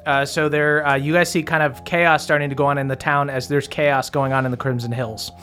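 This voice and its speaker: A man's voice: on the high side, flat delivery, a little fast, bright, forceful tone, faint music behind. A man running a tabletop game as game master, narrating casually with frequent fillers and swearing.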